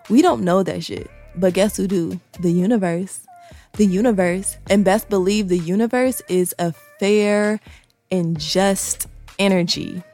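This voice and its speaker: A woman's voice: mid-range voice, a little mellow. A woman talking candidly to her viewers in a casual monologue, swearing freely and repeating key lines for emphasis.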